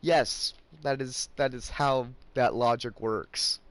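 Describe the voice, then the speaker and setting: A man's voice: medium pitch, steady tone, slow pace, a bit bright, no echo. Rambling young man ranting over gameplay. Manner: rambling, ranting, mimics friends in mocking voices. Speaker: gaming channel host. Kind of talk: casual gameplay commentary.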